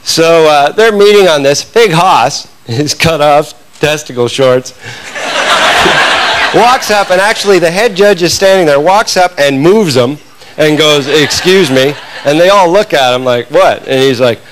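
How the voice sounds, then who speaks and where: A stand-up comedian spins stories in a fairly high voice with punchy timing. He works a handheld mic on a club stage. A steady wash of noise sits under the recording. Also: a little slow, rough recording. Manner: storytelling, punchy, animated delivery.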